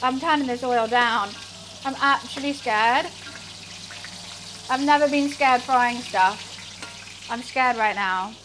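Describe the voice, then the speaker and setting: A woman's voice: fairly high pitch, slow, pauses often. A woman streaming herself cooking in a home kitchen, chatting casually and self-deprecatingly to her chat. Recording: faint frying noise behind. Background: sizzling frying.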